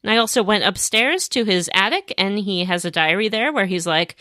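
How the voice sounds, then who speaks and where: A woman co-hosting a podcast, retelling her game in casual, animated storytelling. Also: mid-range voice, a little fast, no echo, clean studio sound. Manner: animated storytelling, acts out characters. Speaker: podcast co-host. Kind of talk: casual chat recapping a game.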